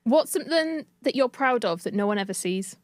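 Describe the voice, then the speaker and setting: A woman's voice: a little high, lively intonation, brisk, no room sound, clean studio sound. A woman hosting a casual podcast interview, asking questions and encouraging her guest. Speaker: podcast host.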